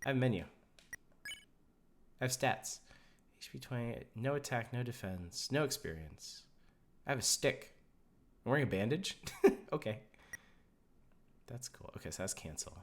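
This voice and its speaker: Wry, animated game streamer. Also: medium pitch, normal speed, long pauses. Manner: wry, joking, reacts to chat. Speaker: streamer playing a video game. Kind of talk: casual live-stream commentary. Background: video game music.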